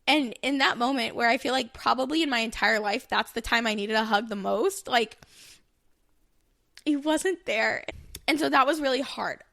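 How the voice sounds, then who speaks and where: A woman's voice: on the high side, normal speed, vocal fry, a bit bright. A woman in her thirties candidly telling a personal story on a podcast, rambling with many fillers and restarts. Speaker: podcast co-host.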